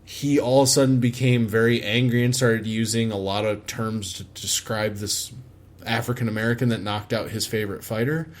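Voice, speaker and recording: A man's voice: fairly low pitch, fairly even intonation, normal speed. A man co-hosting a casual sports podcast, telling a story in a rambling, easygoing way.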